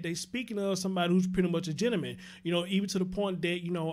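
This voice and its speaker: Brief: male call-in host, high-pitched, blunt, profane. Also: very fast, hardly any pauses. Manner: blunt, profane, laughs loudly. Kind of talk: casual call-in radio talk.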